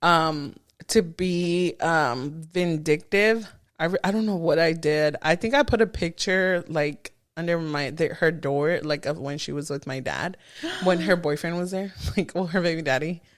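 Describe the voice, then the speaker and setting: A young woman co-hosting a podcast, telling stories in casual chat, animated and often laughing. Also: sits low, a little slow. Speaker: podcast co-host.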